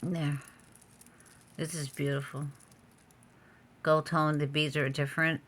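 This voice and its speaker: A low, fairly flat female voice, slow-paced and slightly bright. She's an online jewelry seller filming a casual vlog in a room at home with the door open, chatting, muttering to herself, and exclaiming often.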